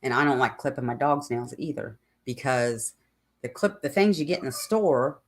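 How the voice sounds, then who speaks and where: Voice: mid-range voice, lively intonation, moderate pace. A channel host in casual livestream chat, talking in a rambling, chatty way with many fillers and asides.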